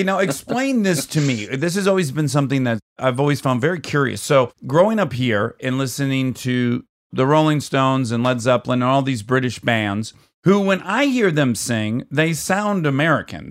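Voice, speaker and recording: A man's voice: medium pitch, no echo. Podcast host: man, mid-range voice, dry close sound, curious and inquisitive questioner. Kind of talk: podcast interview conversation.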